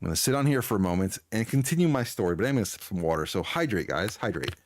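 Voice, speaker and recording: A man's voice: lowish voice, very animated, quick pace, no echo. A man chatting casually on a live stream, answering chat and laughing often as he tells a story.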